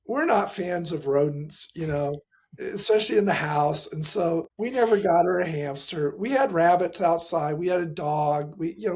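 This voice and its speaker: A middle-aged man, a pastor and grief specialist, telling a painful personal story as a guest, acting out the dialogue and dropping to a soft voice at the hardest moments. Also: high voice. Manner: earnest, acts out quoted dialogue, voice drops soft at painful moments.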